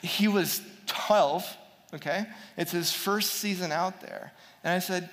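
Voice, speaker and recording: A man telling a personal story to an audience in an animated way, acting out quotes and restarting words. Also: high voice, slow. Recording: long hall reverb.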